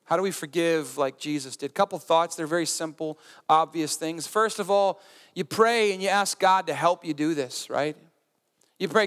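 A man's voice: a little high, normal speed, a bit bright. A man preaching a sermon as a pastor, conversational and earnest, with humor and asides, in a church. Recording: reverberant church hall.

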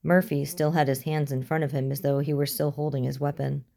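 A woman reading a story aloud as narrator, in a steady, even manner. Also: low voice, fairly quick, creaky. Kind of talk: audiobook narration.

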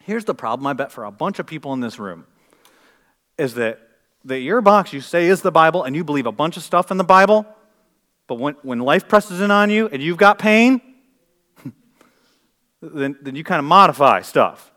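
Man, pastor, sermon in church, slightly high voice, loud to hushed preaching. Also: lively intonation, moderate pace, pauses often. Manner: preaching with wide swings from loud emphasis to quiet intensity.

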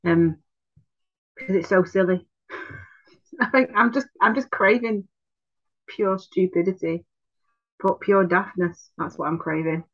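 A woman's voice: fairly low pitch, slow, long pauses, muffled recording. A woman, co-hosting a casual chat in an easygoing, giggly way. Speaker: podcast co-host.

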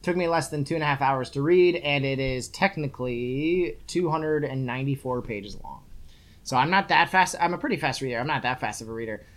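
A young adult podcast co-host with a medium-pitched, slightly fast voice reviews a book in casual chat. The talk is sarcastic and rambling, with free swearing.

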